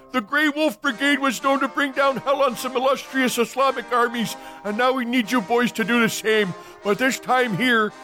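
A man's voice: very high-pitched, sharp tone, voice pushed up, full character voice. A man voicing a scheming male rebel leader who brags and rallies his men for a coup. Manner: brash, boastful rallying speech.

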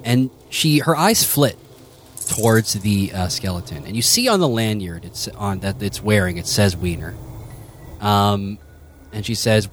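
Laughing, lively game master. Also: male voice, lowish voice, a little slow, slight background noise. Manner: laughing often, loose and rambling with fillers. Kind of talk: narrating a tabletop game.

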